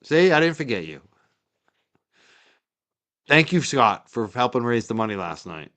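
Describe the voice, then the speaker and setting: Chatty North Shore Massachusetts host. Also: male voice, medium pitch, very animated, a little slow, fairly bright tone. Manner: chatty and rambling, with frequent "uh" fillers. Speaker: livestream host. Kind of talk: casual livestream chat.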